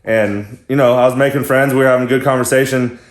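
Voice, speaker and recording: A man's voice: mid-range voice, fairly even intonation, fast talker, echoey room. A man telling a story to friends in a casual vlog, chatty and laughing often as he talks. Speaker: vlogger.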